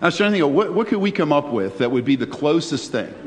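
A man preaches with a fairly high voice, chatting with his listeners and asking them questions as he goes. His words ring out with a long hall reverb. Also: big pitch swings, fast talker. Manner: conversational, asks the listeners questions. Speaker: pastor. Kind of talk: sermon.

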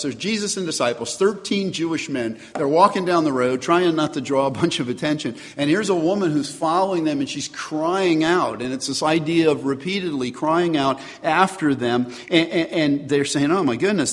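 Man preaching with earnest rhetorical questions, somewhat high-pitched, long hall reverb. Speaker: pastor. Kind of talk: sermon.

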